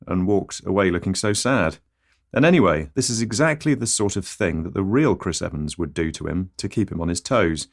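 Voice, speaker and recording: A middle-aged man hosting a comedy podcast, delivering a rambling, deadpan absurdist monologue that keeps interrupting itself. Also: deep voice, moderate pace.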